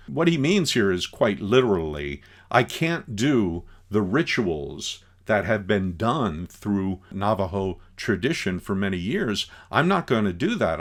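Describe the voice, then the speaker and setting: A man teaching a class, talking through scenes of a film in an animated, conversational way. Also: lowish voice. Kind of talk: class lecture commenting on a film.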